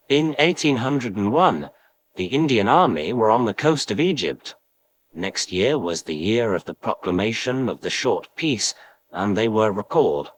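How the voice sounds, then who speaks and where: A man narrating a classic story as an audiobook, in a measured, dramatic way, doing an impression of a famous film actor. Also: lowish voice, rough recording.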